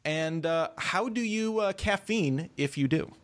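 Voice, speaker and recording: A man hosting an interview podcast, asking questions casually and pausing often with fillers. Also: high-pitched, expressive. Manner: hesitant, many fillers and restarts. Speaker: podcast host.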